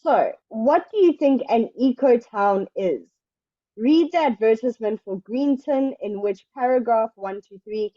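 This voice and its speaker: Woman English tutor, slow and patient, mellow tone, dry muffled sound. Brief online lesson read. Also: fairly high pitch, no echo. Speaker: English teacher.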